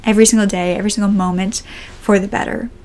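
A woman hosting a true crime channel, speaking a sincere, heartfelt message straight to her viewers, a little emotional, with some phrases trailing off soft and near-whispered. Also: mid-range voice, steady tone, quick pace.

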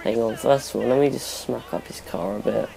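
A man's voice: medium pitch, a little fast, vocal fry, dark tone. A young man giving rambling, self-correcting let's play commentary over his gameplay as a gaming YouTuber.

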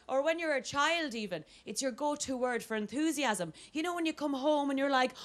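On stage at a comedy venue, a young woman from Ireland emcees the night in a high voice at normal speed, barely pausing. Her patter is chatty and self-deprecating, punctuated by squealed exclamations, while some chatter and audience noise run behind her in the live recording.

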